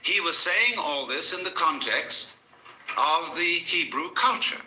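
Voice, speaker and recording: A man's voice: fairly high pitch, expressive, measured pace, reverberant, background noise. A man giving a public lecture to a live audience, telling stories in a wry manner with dry asides.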